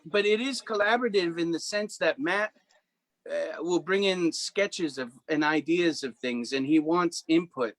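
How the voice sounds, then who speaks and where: A man's voice: a little high, no room sound. A man, a guest musician, chatting casually and telling stories with acted-out quotes. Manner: animated storyteller, acts out quotes. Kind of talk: casual chat.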